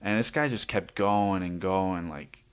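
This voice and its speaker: A podcast host tells a story the loose way, with lots of laughter and plenty of swearing. His voice sits very low for a man. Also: a little slow, smooth. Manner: rambling, laughs often, swears freely. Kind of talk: casual storytelling monologue.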